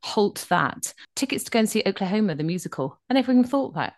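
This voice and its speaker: A middle-aged woman co-hosting a casual chat, rambling enthusiastically with quick asides. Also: medium pitch, very animated, a little mellow. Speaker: podcast co-host.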